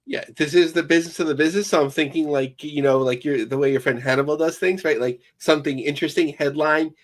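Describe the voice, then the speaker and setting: A man co-hosting a podcast, asking relaxed questions and thinking aloud with fillers. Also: on the high side, fast talker. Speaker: podcast co-host. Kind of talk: casual podcast interview.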